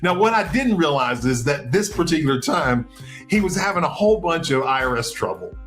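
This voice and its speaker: A male podcast host telling a story casually, in an animated way, acting out what people said. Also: a little fast, faint music behind. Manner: animated, acts out quotes with big pitch jumps.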